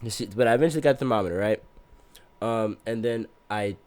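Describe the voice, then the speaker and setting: A man's voice: lowish voice, brisk, a little mellow, no echo. A man as a podcast guest, telling a long casual story in a rambling, self-mocking way and laughing through his words.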